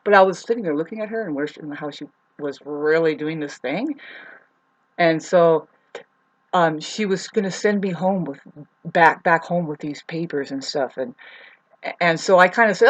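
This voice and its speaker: A woman's voice: deep voice, moderate pace, rough recording. A woman telling a personal story to camera as a vlogger, rambling and restarting, heated and swearing. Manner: rambling, repeats herself, restarts often.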